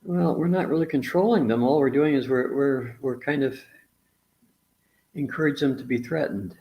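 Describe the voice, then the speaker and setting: A man's voice: medium pitch, moderate pace, muffled recording. A man in a casual discussion, explaining ideas bluntly with restarts, mild swearing and acted-out quotes. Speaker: relationship teacher in a conversation.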